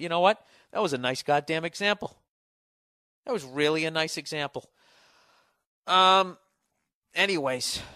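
A man hosting his own podcast, delivering a loud, sarcastic comedic rant full of swearing. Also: medium pitch, no echo, studio quality. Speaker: podcast host. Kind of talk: profane comedic monologue.

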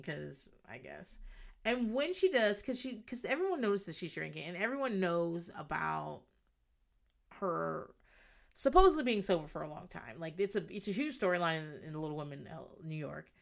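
Animated woman recapping reality TV. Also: fairly low pitch, normal speed, gravelly. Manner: animated storyteller, acts out quotes, swears freely. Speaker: podcast host.

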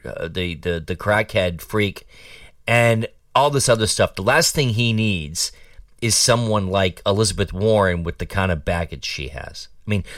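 A man's voice: deep voice, a bit bright, no echo, clean studio sound, distant mic. A man hosting a talk show and giving opinionated political commentary in a sarcastic, mocking, rambling way.

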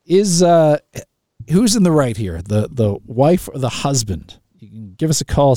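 A male radio host talking through a listener's dilemma, in a mellow, relaxed voice recorded dry and close in the studio. He is chatty and laughs easily, often restarting his sentences. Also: mid-range voice, dry recording. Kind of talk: call-in radio talk.

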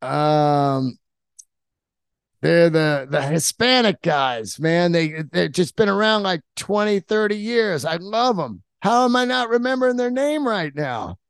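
A man's voice: high-pitched, animated, unhurried, creaky, clean tone, no echo, clean studio sound. A man hosting a podcast, rambling casually and enthusiastically with frequent swearing and filler words. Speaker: podcast host. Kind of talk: casual monologue.

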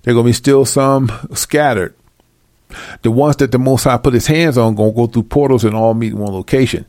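A man's voice: medium pitch, steady tone, a little fast, darkish tone, no room sound, studio quality. Blunt, fiery man preaching scripture. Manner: blunt, confrontational and mocking; reads verses aloud then explains them. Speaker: self-styled Bible teacher. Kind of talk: scripture reading with fiery commentary.

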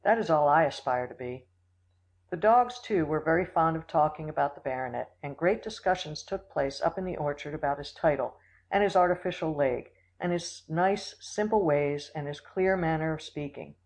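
Steady audiobook narrator, mid pitch. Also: moderate pace, poor audio. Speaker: audiobook reader. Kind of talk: scripted narration.

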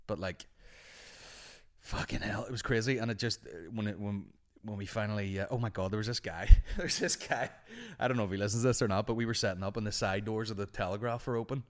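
Sweary Northern Irish podcast host, lowish voice. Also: male voice, fast talker. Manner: sweary, rambling, animated anecdotes. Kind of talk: casual storytelling chat.

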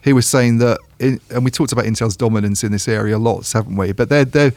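A man's voice: medium pitch, quick pace, darkish tone, dry recording. A man co-hosting a casual podcast discussion about technology, talking things through with lots of restarts and repeated words. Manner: thinking aloud with frequent restarts and repeated words. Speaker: tech journalist co-host.

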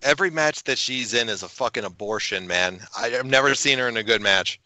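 A man's voice: mid-range voice, a little fast, pushed and bright. A man co-hosting a casual wrestling podcast, blunt, crude and opinionated. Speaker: podcast co-host.

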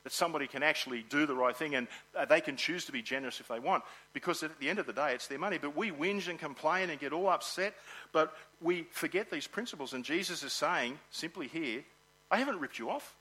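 A man preaching a sermon in an animated way, acting out the people in his story. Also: a little high, fast, husky, rough recording. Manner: animated, acts out grumbling workers.

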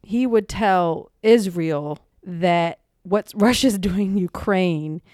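A woman's voice: fairly low pitch, slow, dry recording, clean studio sound. A woman co-hosting a podcast, chatting casually with lots of laughter and slang. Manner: animated, laughing, slangy storytelling. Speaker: podcast co-host. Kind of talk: casual chat.

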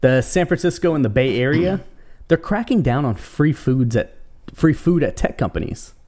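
A man co-hosting a casual chat show, relaxed and chatty, passing along strange news stories. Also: a little high, moderate pace. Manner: relaxed storytelling, sharing odd news stories. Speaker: podcast co-host.

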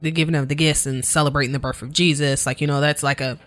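A woman co-hosting a podcast in casual chat, explaining things at length with many fillers and laughing loudly. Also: low-pitched, fairly even intonation, fast talker. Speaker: podcast co-host.

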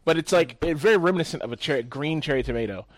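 A man's voice: a little high, expressive, rapid-fire, a crowd in the background. A man in casual podcast chat, rambling and profane, jumping between stories.

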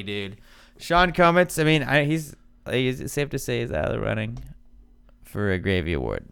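Guy hosting a podcast, bright clear voice, cracking jokes and swearing a lot. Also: mid-range voice, very animated, moderate pace. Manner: joking, profane banter. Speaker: podcast host reading listener questions. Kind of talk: casual chat.

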